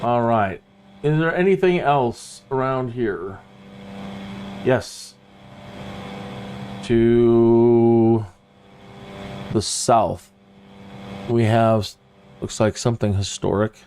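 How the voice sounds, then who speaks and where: A man casually commenting on his flight simulator game, thinking aloud with small fillers and a relaxed, unhurried way of talking. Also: mid-range voice, slight background noise. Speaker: flight sim streamer.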